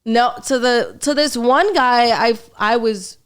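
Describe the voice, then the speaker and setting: Smooth-voiced woman telling a lively story. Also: fairly high pitch, unhurried. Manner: lively storyteller, curses freely. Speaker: comedian guest. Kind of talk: casual podcast storytelling.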